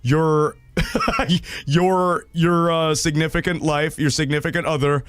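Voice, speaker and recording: A man hosting a casual livestream, reading viewer stories in an animated, profane way with loud laughter. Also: a little high, measured pace, smooth, dry recording. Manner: animated and profane, laughing loudly, acting out quoted voices.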